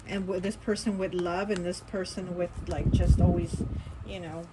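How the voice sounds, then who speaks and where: A woman's voice: on the low side, little pitch movement, normal speed, very noisy. A woman giving a casual tarot reading in a rambling, chatty way, with lots of fillers and restarts. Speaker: tarot reader.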